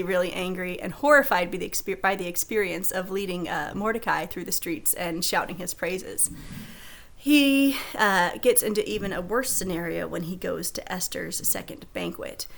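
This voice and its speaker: A woman's voice: fairly low pitch, moderate pace, vocal fry, a bit bright. A woman teaching a recorded Sunday school lesson, retelling scripture in a conversational storytelling way.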